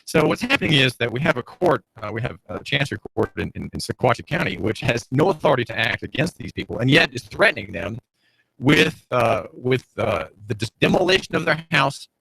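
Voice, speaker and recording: Sardonic gravelly Southern radio host. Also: male voice, mid-range voice, sing-song, a little fast, pushed and bright, no room sound, rough recording. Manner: sardonic, rambling, frequent fillers and restarts. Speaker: radio talk show host. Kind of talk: talk radio monologue. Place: small home studio. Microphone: studio mic, streamed on video.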